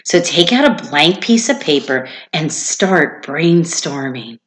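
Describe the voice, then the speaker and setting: A woman reading aloud as a kind, gentle schoolteacher from a storybook, in a calm and encouraging way. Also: deep voice, takes it slowly.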